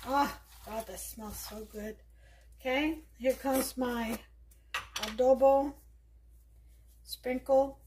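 A woman's voice: high-pitched, steady tone, slow, pauses often, darkish tone, a little hiss or hum. A woman with a New York accent hosting a casual cooking demonstration in her home kitchen, chatting and thinking aloud with many fillers. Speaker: home cook host.

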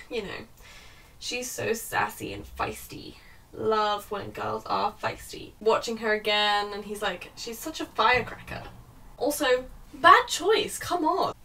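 A woman's voice: mid-range voice, a bit bright, recorded from a distance. A young woman ranting sarcastically and swearing freely while reviewing a book.

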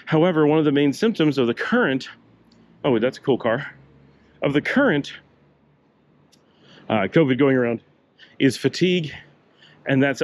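Walking through city streets, an older travel vlogger gives a loose, talkative tour narration, breathing a bit hard and coughing a little. His mid-range voice has lively intonation and a moderate pace broken by long pauses.

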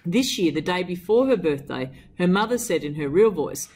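A woman's voice: expressive, normal speed, darkish tone, slight background noise. A woman teacher reading from a novel and analysing it with enthusiasm, putting questions to her students. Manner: enthusiastic, with wide swings of pitch and emphasis. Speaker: English teacher. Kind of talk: reading aloud and literary analysis.

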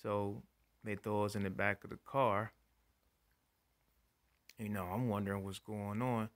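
Slow-talking male stand-up comedian. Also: on the low side. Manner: profane, animated, acts out voices. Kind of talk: stand-up storytelling.

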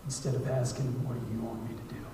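A man's voice: mid-range voice, flat delivery, fast, noisy background. Man preaching in an echoey church. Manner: conversational, acts out prayers and dialogue, swings from hushed to loud. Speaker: guest missionary preacher. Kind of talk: sermon. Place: church sanctuary. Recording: echoey church hall, mic at a distance.

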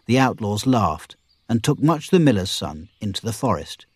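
A man narrating a storybook audiobook in an expressive storytelling manner. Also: lowish voice, normal speed, breathy edge, no room sound, clean studio sound. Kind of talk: scripted narration.

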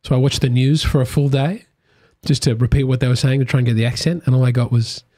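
A man's voice: mid-range voice, fairly even intonation, fast, warm tone. Wry Australian man, casual podcast chat. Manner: wry, joking, rambling asides. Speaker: comedian guest.

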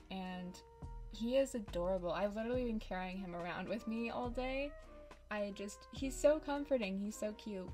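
A woman giving casual, dramatic and sarcastic commentary over a game, close on a desk microphone. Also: medium pitch. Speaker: YouTuber.

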